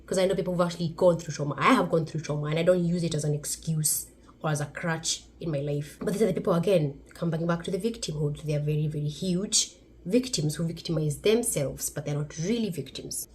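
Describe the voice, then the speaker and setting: A woman's voice: low-pitched, fairly quick, darkish tone. A woman from Kenya with a Kenyan accent, giving a blunt, emphatic opinion monologue as host.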